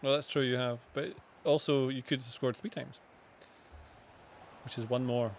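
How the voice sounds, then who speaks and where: A man co-hosting a live football watchalong, cracking dry, deadpan jokes in casual banter. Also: medium pitch, normal speed, slight background noise. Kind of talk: casual banter over a match stream.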